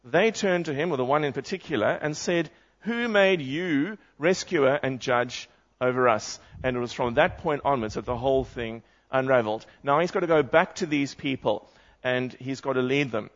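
A man's voice: mid-range voice, brisk. A man preaching a sermon, reading scripture aloud and putting questions to the congregation. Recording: muffled lo-fi sound.

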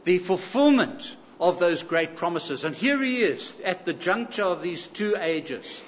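Aussie preacher guy, high lively voice, keeps hammering the point, bit dull echoey hall sound. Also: unhurried. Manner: emphatic, repeats key phrases, rhetorical questions. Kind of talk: sermon.

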